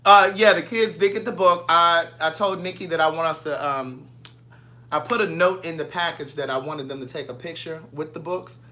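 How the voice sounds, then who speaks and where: Man, bright forceful voice, pitched a touch high, easygoing vlogger chatter with viewers. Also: normal speed. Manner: chatty, playful, answers viewer comments. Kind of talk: casual live chat with viewers. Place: home kitchen.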